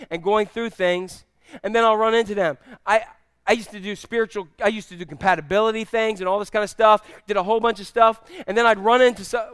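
A man's voice: sits high, fairly bright tone, clean tone, no room sound, studio quality. A middle-aged man preaching a sermon, telling family stories in a conversational way and asking the audience questions. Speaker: pastor.

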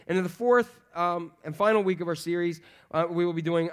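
A middle-aged man, a pastor, preaching a sermon with lively, joking storytelling and frequent fillers. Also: high-pitched, brisk. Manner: animated, humorous storytelling with many fillers.

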